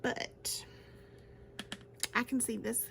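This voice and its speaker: A woman with a fairly high voice chats her way through a makeup tutorial, gushing over each shade and laughing easily. A faint hiss sits behind her voice. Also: moderate pace. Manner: chatty and gushing, laughs often. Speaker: beauty vlogger. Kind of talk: casual makeup tutorial chat.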